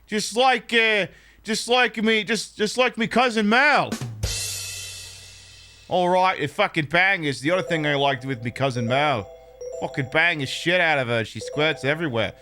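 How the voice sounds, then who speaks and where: A man putting on a crude, loud British pub lad, his fake British accent drifting toward Australian. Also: a little high, unhurried, faint music behind. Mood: rowdy. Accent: put-on British, drifting Australian. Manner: loud, profane, bawdy.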